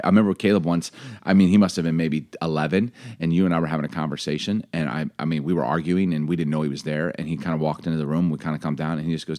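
A man with a notably deep voice tells stories in a relaxed co-host chat. He acts out the people he quotes with animation. The sound is close and dry. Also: racing, no echo. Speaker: podcast co-host. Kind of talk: casual chat.

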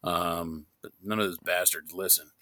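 A podcast co-host from New York, a man with a somewhat low but bright, forceful voice. He rambles and jokes, swearing freely. The sound is dry and close. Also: steady tone, normal speed, no echo. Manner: joking, profane, rambling. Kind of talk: casual chat.

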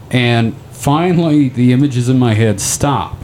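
A man in casual podcast chat, rambling through a long story and swearing freely. His voice sits at an ordinary middle pitch. A faint hiss of noise runs underneath. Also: normal speed, few pauses, a little mellow. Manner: rambling storyteller, profane, loose and joking. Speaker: podcast co-host.

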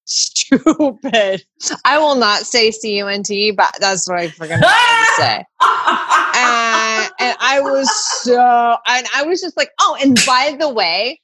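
A woman's voice: fairly high pitch, sing-song, slow pace, very noisy. A middle-aged woman co-hosting a podcast, ranting in casual chat and swearing a lot. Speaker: podcast co-host.

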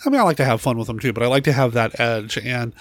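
A man's voice: medium pitch, fast, no echo. Brief: male podcast co-host, casual film talk, laughs often, dry close sound. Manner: chatty, laughs often, trailing restarts.

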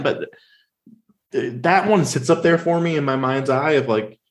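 A man co-hosting a casual podcast, rambling with lots of fillers and animated questions. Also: medium pitch, moderate pace. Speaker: podcast co-host. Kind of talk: casual chat.

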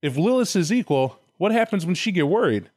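A man spins a story in loose, profane chat, throwing himself into the telling. His voice sits a little high. The sound is dry and close, with no room around it. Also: brisk, no echo. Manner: profane, animated, acts out voices in retellings.

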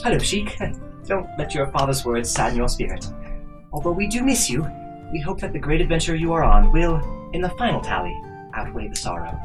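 A man voicing a gentle halfling mother reassuring her daughter. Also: a little high, sing-song, brisk, music in the background, low-quality recording.

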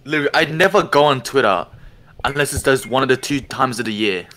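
A man's voice: medium pitch, quick pace, fairly bright tone. A young man from Australia, a guest on a casual podcast, answering with dry, offhand humor. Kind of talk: casual chat among friends.

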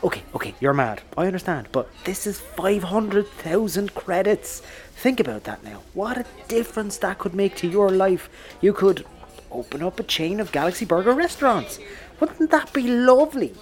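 A man's voice: high voice, big pitch swings, normal speed, darkish tone. A man with an Irish accent playing a cheeky, scheming brother who teases and coaxes. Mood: wheedling. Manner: teasing, wheedling, coaxing. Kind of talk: audio drama acting.

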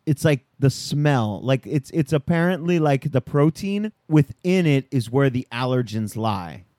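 Profane teasing man, lively voice. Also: medium pitch, unhurried, dry recording, studio quality. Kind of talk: crude casual banter.

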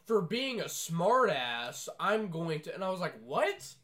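A man's voice: high-pitched, measured pace. A young man co-hosting a podcast, ranting in casual chat with lots of swearing. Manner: profane, animated ranting. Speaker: podcast co-host.

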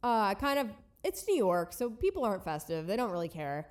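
A young woman in her twenties, co-hosting a podcast and telling a story in a lively, casual way with quick impressions. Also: mid-range voice. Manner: animated, laughing, quick impressions in dialogue. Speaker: podcast co-host. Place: New York.

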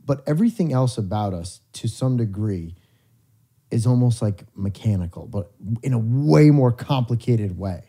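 A young man with a dark, mellow voice co-hosts a late-night podcast at a studio mic. He talks loosely and jokingly, swears often and trails off mid-thought, at an ordinary pitch for a man. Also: lively intonation, moderate pace. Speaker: podcast co-host. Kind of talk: casual late-night chat.

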